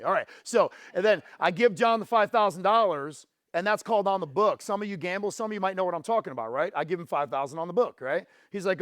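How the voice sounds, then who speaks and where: A man with a high voice gives a motivational keynote on a conference stage. He mixes confessional stories with direct questions to the audience. The sound is close and dry, and his voice sinks low on painful moments and climbs when he pushes the crowd. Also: animated, quick pace, hardly any pauses, no room sound. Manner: drops low and quiet on painful memories, rises and speeds up when fired up. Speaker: motivational speaker.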